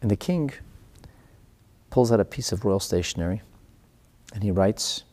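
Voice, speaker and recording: A man teaching a class on religious texts and telling a story in an animated way, acting out the characters. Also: on the low side, moderate pace, long pauses. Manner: animated storyteller, acts out voices. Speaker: Torah teacher.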